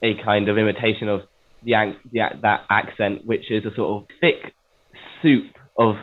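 Low-voiced man on a tinny line. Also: flat delivery. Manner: measured and hedging, thinks aloud. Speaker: podcast co-host. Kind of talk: casual conversation about poetry.

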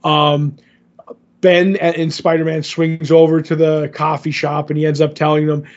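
A man with a slightly high voice rambles through a comic recap, full of ums and little acted-out quotes. The sound is dull and lo-fi, like a cheap podcast mic. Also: level tone, moderate pace. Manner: rambling recap with many fillers, acts out quotes. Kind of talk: casual chat. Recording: dull lo-fi audio.

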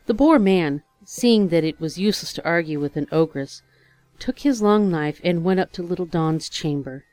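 A woman reads a fairy tale aloud in a measured, expressive way. Her voice sits a little low, close and dry. Soft music plays faintly underneath. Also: dry recording. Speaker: storyteller. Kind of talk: storybook reading.

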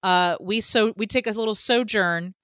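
Bright-voiced woman, casual podcast chat. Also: mid-range voice, moderate pace, no echo. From Georgia, US. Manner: chatty, swears freely, many fillers. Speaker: podcast co-host.

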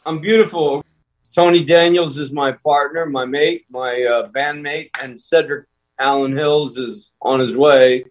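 A man's voice: on the high side, steady tone, unhurried, poor audio. An older man, a guest actor, chatting loosely and rambling in a casual interview over a remote call, swearing now and then.

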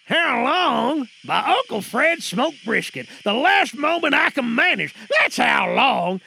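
A man playing a relaxed actor who is voicing a growling pirate captain. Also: very high voice, slow pace, gravelly, slight background noise, full character voice. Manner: drawling pirate growl, shrugs off scolding. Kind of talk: comedic sketch acting.

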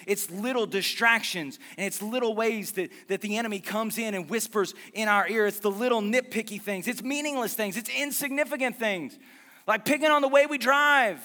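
Man, pastor, sermon, high voice, bright tense tone, conversational, joking asides. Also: fairly quick, long reverb tail. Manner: lively, conversational preaching with jokes and asides.

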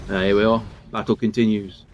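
A man's voice: fairly low pitch, level tone, a little fast, soft background music. A man hosting a podcast, giving casual commentary and reading out episode trivia while watching along. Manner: chatty, chuckling, reads out episode trivia. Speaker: podcast host.

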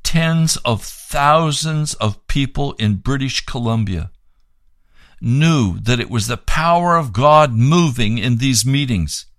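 A man's voice: mid-range voice, lively intonation, slow pace, a bit bright, no echo, studio quality. A man preaching on the radio, reading aloud from a book and making fervent, pleading appeals for donations.

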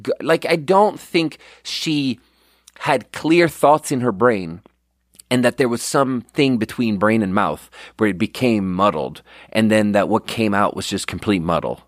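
A man's voice: lowish voice, a little slow, no room sound, studio quality. A young man telling a rambling, profane, self-deprecating story in a casual podcast monologue, sleep deprived. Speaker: podcast host.

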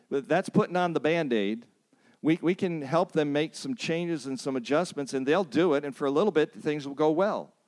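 A man teaching a church counseling seminar, earnest and emphatic, quoting scripture and repeating key points for emphasis. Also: a little mellow. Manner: acts out pleading phrases in a higher voice.

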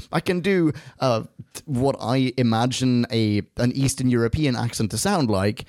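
Casting: gravelly male co-host, mid pitch, rambling and profane, dry close sound. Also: animated, brisk, few pauses, darkish tone, no room sound. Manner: rambling, swearing, laughs often. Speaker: podcast co-host. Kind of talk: casual chat reviewing an audio drama.

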